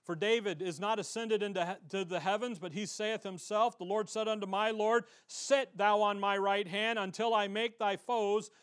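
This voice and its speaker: A man preaching a sermon as pastor, reading scripture aloud and swinging from loud emphasis to quiet asides. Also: high-pitched, fairly even intonation, moderate pace, few pauses, clear, resonant tone. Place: church.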